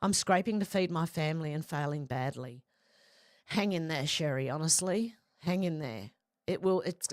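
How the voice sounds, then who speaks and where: A woman's voice: lowish voice, dry recording, studio quality. An Australian woman hosting a casual live stream, reading viewer comments aloud in a chatty, slangy way.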